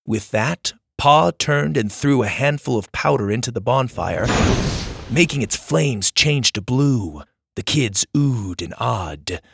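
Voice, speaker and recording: A man narrating a children's adventure audiobook in an expressive reading. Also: medium pitch, slow pace, creaky, a little hiss or hum.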